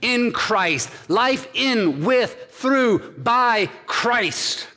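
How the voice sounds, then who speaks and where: A man's voice: very high-pitched, lively intonation, drawn-out words, bright, forceful tone, in a large hall. A man preaching a sermon as pastor, driving his points home with emphatic repeated phrases.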